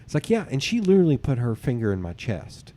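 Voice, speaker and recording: Speaking quickly at a medium pitch, this podcast host swaps dating stories from his own life in loose conversation. He brings the tales to life by voicing what others said, dropping casual swear words along the way.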